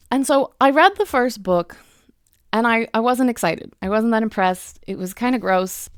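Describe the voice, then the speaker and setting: A chatty young woman reviews books in a casual, effusive way. She talks with lots of fillers and restarts, at a middling pitch. Her voice sounds close and dry. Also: clear, resonant tone, dry recording. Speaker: book reviewer. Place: home room with bookshelves.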